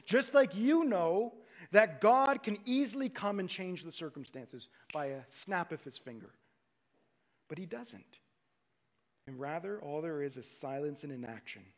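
Pastor guy preaching, pretty high voice, goes from loud pleading down to quiet hushed bits. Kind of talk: sermon.

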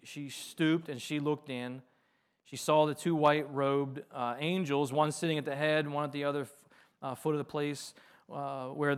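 A man pastor delivering a sermon, reading scripture aloud and explaining it, swinging between loud emphatic passages and quiet, soft asides. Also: mid-range voice.

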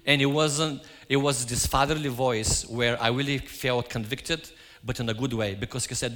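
A man's voice: medium pitch, steady tone, moderate pace, few pauses, a bit bright. A man giving a sermon, telling stories and acting out his own quoted lines. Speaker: preacher. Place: church. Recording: hall reverb.

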